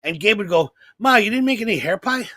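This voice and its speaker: A man co-hosting a comedy podcast, telling profane stories in a casual, animated way and acting out the people in them. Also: high voice, a little fast, dry recording. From New York area. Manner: profane, animated storyteller who acts out quotes. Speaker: podcast co-host.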